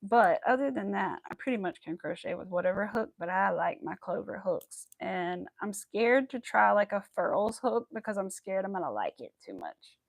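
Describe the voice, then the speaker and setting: A young woman chats her way through a crafting livestream, rambling and piling on filler words. Her voice swings up and down with a lot of vocal fry. The sound is dry and close, with no room echo. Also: mid-range voice, lively intonation, moderate pace, hardly any pauses. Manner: laughs often and greets viewers. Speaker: crochet livestream host. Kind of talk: casual chat while crafting.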